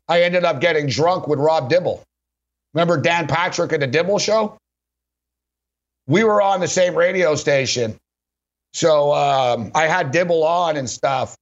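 A man hosting sports radio, telling a rambling story with frequent laughs and lots of "like". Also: on the high side. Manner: rambling, laughing often, heavy use of "like". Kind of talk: casual anecdotal storytelling. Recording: dull lo-fi recording.

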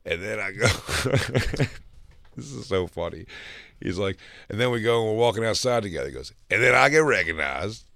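A man with a lowish voice tells a story on a comedy podcast in casual, animated chat and breaks into laughter often. The studio sound is dry and close, with no room heard. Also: measured pace, vocal fry, no echo. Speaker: podcast co-host.

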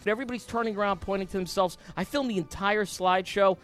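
A man's voice: high-pitched, quick pace, clean tone, faint music behind. A middle-aged man on a talk show, telling a comic story with lots of energy and acting out the people in it. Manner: animated storyteller, shouts and acts out voices. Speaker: radio show co-host.

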